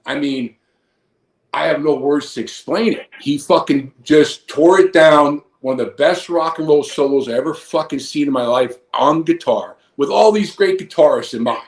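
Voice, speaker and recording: Here a guest who used to wrestle professionally, a man in his fifties, rambles through a lengthy story full of cursing. He talks at a moderate pace in a slightly high voice, and the space around him echoes.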